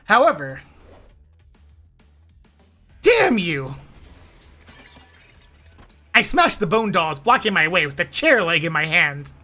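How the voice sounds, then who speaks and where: A woman's voice: on the low side, big pitch swings, slow pace, pauses often, sharp tone, faint music behind. A woman streamer narrating a visual novel read-along with a giggly, playful, chatty manner.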